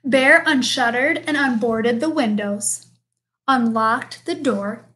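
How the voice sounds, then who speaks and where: A woman reading a picture book aloud with a slow, expressive storytelling delivery. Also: fairly high pitch. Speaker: storybook reader.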